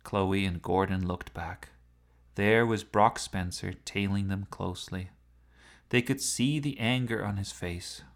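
Gravelly man reading a playful story. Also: low-pitched, unhurried. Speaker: narrator. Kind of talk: storybook narration.

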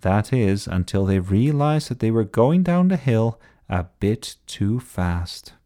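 A man reading a children's bedtime story aloud in an expressive storybook style. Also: on the low side, slow.

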